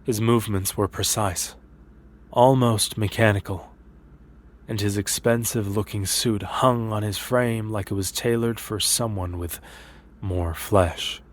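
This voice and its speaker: A low-voiced man reads a scripted horror story in the first person. His delivery is measured and steady, with a sober, deliberate pace through the tense scenes. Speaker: narrator.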